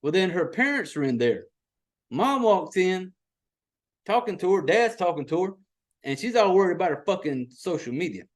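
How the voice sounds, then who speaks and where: Profane, ranting man, high voice. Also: moderate pace. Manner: profane, exasperated, animated storytelling. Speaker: podcast host. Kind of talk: casual movie recap rant.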